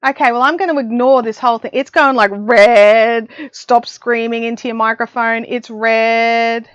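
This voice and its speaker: A woman's voice: fairly high pitch, fairly even intonation, a little fast, fairly bright tone, dry recording. A middle-aged woman with an Australian accent, hosting a casual craft livestream from her home craft room and chatting with viewers in a self-mocking way. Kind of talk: casual live chat. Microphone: desk mic, listening on headphones. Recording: dry, dull lo-fi livestream audio.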